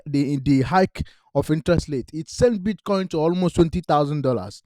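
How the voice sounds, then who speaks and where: A man with a fairly high, mellow voice runs a crypto channel, giving direct-to-camera investment talk. He is emphatic and repetitive, speaks with non-native grammar, and keeps checking in with "all right?"; there is no room sound.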